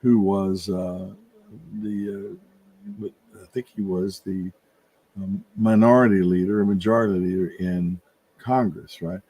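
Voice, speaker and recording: An older man talks through his thoughts in a slow, rambling way, stopping and restarting often. His voice sits low and mellow, with a husky edge. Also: steady tone. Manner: rambling, halting, many restarts. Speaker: podcast co-host. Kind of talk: reflective casual conversation. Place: room with his wife nearby.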